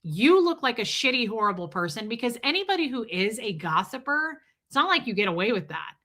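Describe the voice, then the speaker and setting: A woman in her forties hosting a casual livestream, chatting bluntly with frequent swearing and animated storytelling. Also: a little high, brisk. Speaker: livestream host.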